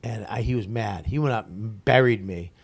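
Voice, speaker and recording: A comedian in his forties telling a story in casual conversation, profane and animated, laughing as he goes. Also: lowish voice, moderate pace, slightly rough. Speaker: guest comedian.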